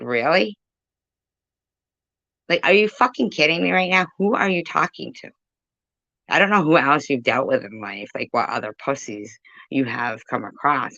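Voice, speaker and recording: A woman's voice: very deep voice, gravelly, pushed and bright, no echo, lo-fi sound. A woman ranting profanely and confrontationally on a phone livestream, rambling and chatting with her viewers. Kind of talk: livestream rant.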